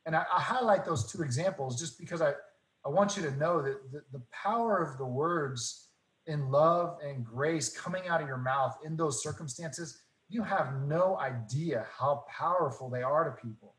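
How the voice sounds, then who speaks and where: Man, earnest faith stories, animated retelling, slightly high voice, roomy echo. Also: moderate pace. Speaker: guest. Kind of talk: casual faith talk, storytelling.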